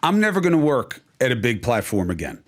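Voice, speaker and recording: A middle-aged man talking candidly as a podcast guest, emphatic, with fast bursts and slow, stressed points. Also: mid-range voice, big pitch swings.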